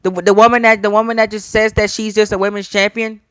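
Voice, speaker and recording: A man's voice: sits high, level tone, quick pace, fairly bright tone, smooth, no echo. Exasperated man ranting, dry sound. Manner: exasperated, repetitive, talks to viewers directly. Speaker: wrestling show reviewer. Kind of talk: casual ranting review.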